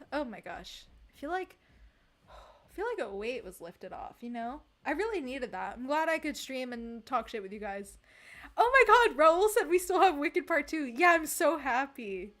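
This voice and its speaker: A young woman with a high voice, live-streaming and chatting casually with her audience. She rants in an animated way and laughs often.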